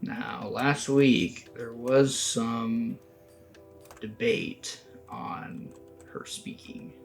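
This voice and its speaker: A man's voice: medium pitch, steady tone, drawn-out words, faint music behind. A young man co-hosting a screenwriting podcast, chatting in a laid-back, teasing way with casual swearing. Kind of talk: casual chat.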